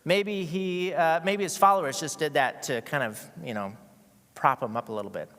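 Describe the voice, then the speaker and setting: A man's voice: fairly high pitch, moderate pace, a bit bright. A man preaching a casual, conversational sermon to a church congregation, joking and often restarting his sentences. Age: adult with school-age kids. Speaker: guest preacher. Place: church sanctuary with a masked congregation. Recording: long reverb of a large hall.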